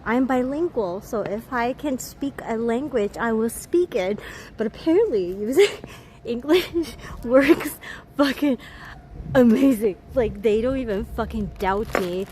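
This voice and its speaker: A woman's voice: fairly high pitch, animated, a little slow, dark tone. Profane, laughing woman with American accent. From Taiwan. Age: 30s. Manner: profane, laughing, chatty storytelling. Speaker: vlogger. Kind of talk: casual chat. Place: hotel, indoors. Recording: noisy background.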